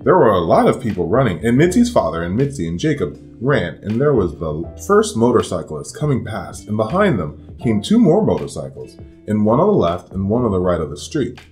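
A man's voice: on the low side, wildly swooping pitch, fairly quick, few pauses. A man reading a picture book aloud to children, giving each character a voice. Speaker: storybook reader. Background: soft guitar music.

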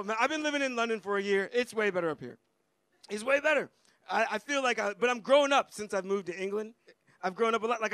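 American male stand-up, young, very high and bright voice, loose chatty crowd work on a club stage. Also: no room sound, clean studio sound. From United States. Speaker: stand-up comedian. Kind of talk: stand-up comedy set.

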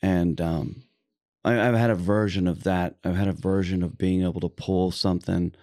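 A man hosting a casual podcast chat, effusive and laid-back, swearing and filling pauses with "um" and "uh". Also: sits low, steady tone, mellow, no room sound, clean studio sound. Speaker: podcast host.

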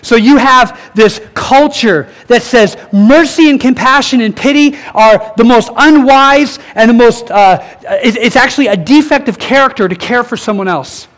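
A man's voice: very high-pitched, normal speed, hardly any pauses. A male pastor giving a sermon, reading quotes aloud and asking his congregation questions, correcting himself as he goes. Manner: animated preaching, reads quotes aloud, corrects slips, asks the crowd questions.

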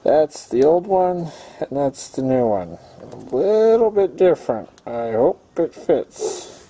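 A man's voice: on the high side, very animated, takes it slowly, dark tone, a little hiss or hum. A man hosting a homestead channel, talking viewers through a car repair in his garage in a chatty, self-mocking way while he works. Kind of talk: casual DIY repair tutorial. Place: home garage beside a car.

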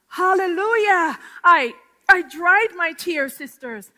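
High, bright woman giving dramatic testimony. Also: lively intonation, a little slow. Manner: dramatic, swings from hushed whispers to loud, tearful outcries. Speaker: speaker giving testimony to a women's gathering. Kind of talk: impassioned testimony. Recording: long hall reverb.

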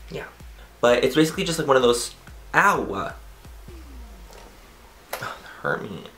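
A man's voice: medium pitch, very animated, normal speed. A male beauty vlogger chats to his viewers, bubbly and rambling, with a mid-range voice. He pokes fun at himself and drops the odd swear. Faint music plays behind him. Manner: bubbly, rambling, self-mocking, swears offhandedly. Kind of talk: casual chatty outro and bloopers.

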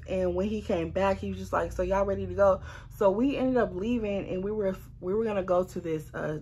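A young woman from Arizona telling a casual storytime, animated and blunt, swearing freely. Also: medium pitch, husky. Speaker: vlogger.

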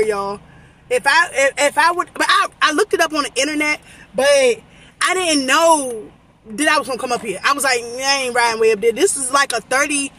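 A woman talking to her viewers in a casual vlog, excited and rambling, her voice getting worn. She talks into a handheld phone from inside a car. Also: high-pitched. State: losing her voice. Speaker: vlogger. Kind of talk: casual vlog chat to camera. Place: in a car in a shopping center lot. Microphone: phone camera held by hand.

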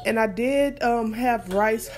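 A young mother talks her viewers through breakfast in her home kitchen. Her delivery is relaxed and chatty, with plenty of pauses and fillers as she cooks. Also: on the high side. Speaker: vlogger and mother. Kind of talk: casual cooking vlog chat.

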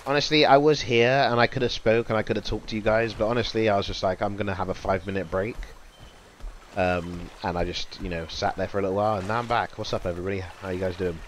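Low-voiced young male streamer rambling. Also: fairly even intonation, fast, slight background noise. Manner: rambling, offhand, loose slang. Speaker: livestreamer. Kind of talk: casual chat to stream viewers.

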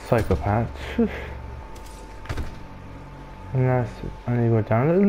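Swearing let's player with wild pitch swings. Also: male voice, sing-song, takes it slowly, long pauses, a little hiss or hum. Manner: self-mocking, swears often, bursts into loud shouts. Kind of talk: casual gameplay commentary.

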